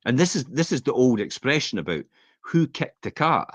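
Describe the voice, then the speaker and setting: A Scottish podcast co-host with a mid-range voice rambles through anecdotes at normal speed, animatedly acting out quotes in casual chat. The audio is dull and slightly lo-fi, with no room sound.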